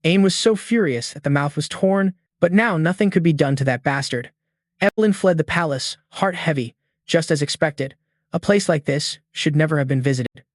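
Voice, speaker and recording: A man narrates a story recap in a steady, scripted way. His voice sits fairly high. The recording is dry and close. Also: normal speed, no echo.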